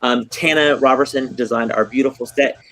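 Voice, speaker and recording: A man's voice: mid-range voice, steady tone, moderate pace, fairly bright tone, poor audio. A man hosting a casual livestream chat for a theater, effusive and gushing, full of ums. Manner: effusive, gushing, many fillers. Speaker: theater host.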